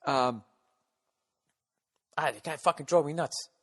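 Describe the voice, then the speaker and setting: A man's voice: on the high side, a little slow. A man in his forties with a Boston accent, telling a rambling, profane comic story as a podcast host. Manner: profane, animated, jumps between tangents.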